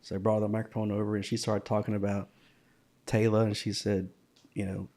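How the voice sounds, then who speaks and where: A man's voice: fairly low pitch, flat delivery, fairly quick, mellow. Easygoing man telling a story. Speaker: podcast co-host. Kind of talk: casual chat.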